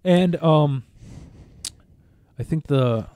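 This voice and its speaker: A man's voice: a little high, extremely slow, no room sound, clean studio sound. A man in casual chat, telling a long story with lots of swearing and acting out what others said. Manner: animated, profane, acts out quotes. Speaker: podcast co-host.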